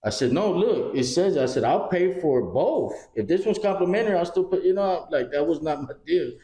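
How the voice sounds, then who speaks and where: A man's voice: fairly high pitch, lively intonation, brisk, mellow. A man co-hosting a podcast, telling a story casually, acting out the dialogue and swearing freely. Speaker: podcast co-host. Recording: roomy echo.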